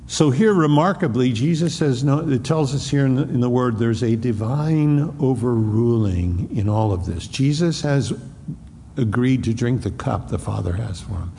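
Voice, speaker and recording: A man preaching an expository sermon, acting out the Bible dialogue in a raised voice and dropping to a hushed tone on solemn lines. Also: medium pitch, normal speed, breathy edge, in a large hall. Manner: acts out the dialogue between Pilate and Jesus in a raised voice. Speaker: pastor.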